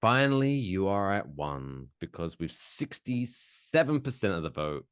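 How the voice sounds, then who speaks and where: Man, podcast cohost, low voice, lively swings in pitch, dry close sound, playful announcer build-ups. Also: a little slow, clear, resonant tone, no echo. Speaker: podcast co-host. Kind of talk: casual podcast banter.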